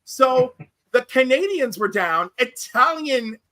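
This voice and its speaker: An American woman co-hosting a live comics show, chatting casually in an animated, laughing way and telling stories full of quoted voices. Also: sits high, slow pace, dry recording. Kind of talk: casual chat on a livestream.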